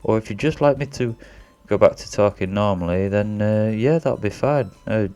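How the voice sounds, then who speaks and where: A man's voice: on the low side, moderate pace, a little mellow, clear, resonant tone, faint music behind. A man narrating a drawing tutorial as a voice-over in a put-on posh British accent, rambling and a bit self-conscious, as if winging it.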